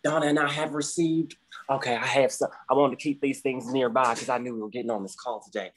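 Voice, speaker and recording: A man's voice: medium pitch, fairly even intonation, fast talker, a little hiss or hum, close to an everyday voice. A man playing a folksy, fussy office manager on a conference call who keeps tacking "okay?" onto his sentences. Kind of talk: scripted comedy sketch on a conference call.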